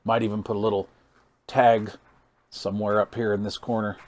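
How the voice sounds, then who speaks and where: A man's voice: fairly low pitch, flat delivery, moderate pace, darkish tone. A man hosting a casual hands-on radio gear demo, folksy and amazed, thinking aloud while he reads meters and counts into the mic. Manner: counts into the mic during test calls. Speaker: radio hobbyist channel host.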